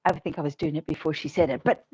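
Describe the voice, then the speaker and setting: A woman minister giving a sermon, telling stories in an animated way and laughing often. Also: low voice, quick pace, slightly rough, rough recording.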